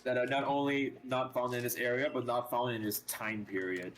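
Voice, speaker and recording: A man's voice: medium pitch, steady tone, moderate pace, a bit bright, slight background noise, rough recording. A man co-streaming a game in casual chat, coaching the player and repeating his advice insistently. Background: game music.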